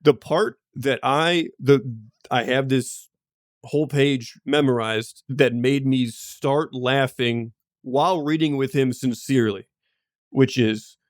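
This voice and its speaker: A man's voice: medium pitch, takes it slowly, no echo. Man, podcast co-host, casual chat, rambling, laughing asides, dry close sound.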